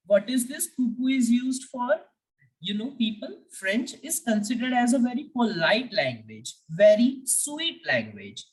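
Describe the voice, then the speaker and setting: A woman teaching a beginner French lesson, patiently repeating each word for her learners. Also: on the high side. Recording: voice a bit distant from the mic.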